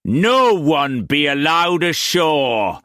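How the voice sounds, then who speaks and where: A furious, bellowing old sea captain, shouting in a rough country dialect. The voice is pushed high and strained with anger. It sounds dry and close to the microphone. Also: male voice, lively intonation, slow pace, no echo. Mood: raging. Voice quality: loud rough dialect, roaring.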